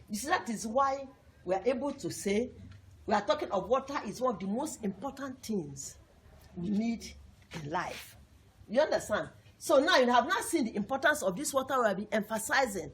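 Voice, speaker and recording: A woman's voice: fairly high pitch, lively intonation, moderate pace. A woman teaching a lesson to young pupils, repeating points emphatically and asking the class questions.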